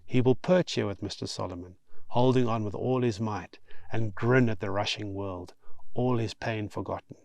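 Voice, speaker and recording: A man's voice: on the low side, normal speed, creaky, no echo. Man reading his own novel aloud. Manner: steady expressive reading. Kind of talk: audiobook narration.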